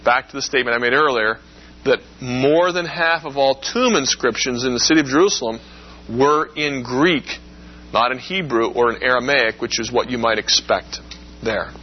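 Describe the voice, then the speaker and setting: A man lecturing in a relaxed, conversational way, explaining with everyday comparisons. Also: mid-range voice, normal speed, muffled recording. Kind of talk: classroom lecture.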